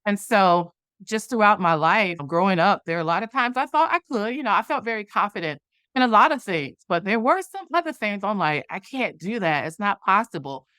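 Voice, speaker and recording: A woman's voice: mid-range voice, big pitch swings, fairly quick, a bit bright, clear, resonant tone, no echo, studio quality. A woman interview guest telling a personal story, animatedly acting out the dialogue from it. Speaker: guest, movement founder.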